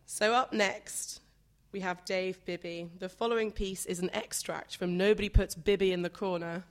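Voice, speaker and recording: A woman's voice: medium pitch, fairly even intonation, normal speed. A woman hosting a live comedy night, bringing on the next act. She speaks with dry, teasing asides. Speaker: compere. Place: comedy stage before a live audience.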